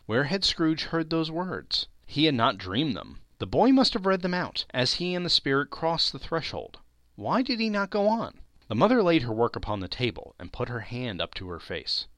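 A man giving a dramatic reading of a classic novel, telling the story with lively expression. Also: on the high side, moderate pace, no room sound. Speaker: reader.

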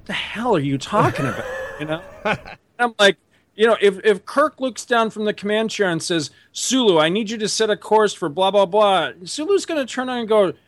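A middle-aged man hosting a podcast, telling a story in a casual, animated way, jumping up in pitch to act out what people said. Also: normal speed, dry recording. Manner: animated, acts out quotes with big pitch jumps and laughs. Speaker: podcast host.

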